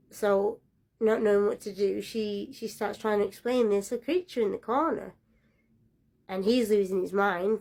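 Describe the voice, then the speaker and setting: A woman's voice: medium pitch, dark tone. Woman telling a spooky story.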